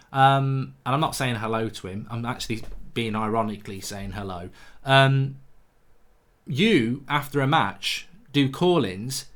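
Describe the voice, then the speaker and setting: A man's voice: medium pitch, a bit bright. Blunt man hosting a live football stream. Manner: blunt, opinionated, restarts often. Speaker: football fan channel host. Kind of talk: live stream, reading out chat comments.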